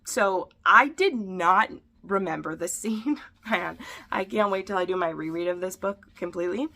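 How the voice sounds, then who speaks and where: Bright, gravelly-voiced woman book reviewer. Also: lowish voice, moderate pace. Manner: chatty, reads passages aloud and voices lines lightly. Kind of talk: casual book-to-show recap.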